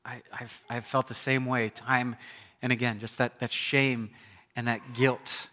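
A man in his thirties preaching a sermon, telling a personal story with animated storytelling and acting out scenes with sudden loud outbursts. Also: medium pitch, a little slow. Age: 30s. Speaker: pastor.

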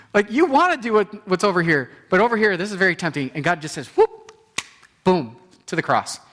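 A man preaching a sermon in an animated way, acting out inner voices and repeating phrases for emphasis. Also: sits high, moderate pace. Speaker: pastor.

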